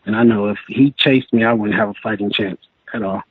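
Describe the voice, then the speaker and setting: A man recounts his story over the phone, his voice slightly husky and squeezed through a thin, tinny line. He talks in a halting, rambling way and often restarts his sentences. The sound is dry and close, with no room around it. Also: on the low side, fairly even intonation, no room sound. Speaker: guest telling his encounter. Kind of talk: casual storytelling interview.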